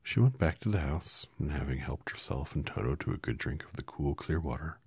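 Man reading a children's story aloud, very low, husky, gravelly, calm and unhurried. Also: no room sound. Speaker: storybook reader.

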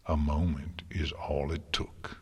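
A man narrating a story in a slow, hushed, solemn way, sometimes dropping to a whisper. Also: extremely low pitch, little pitch movement, breathy edge. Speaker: story reader. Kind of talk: narrating fan fiction. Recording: long hall reverb.

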